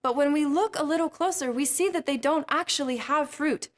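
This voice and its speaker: Female host for a kids Bible lesson, playful, jokey, with a high voice. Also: a little fast.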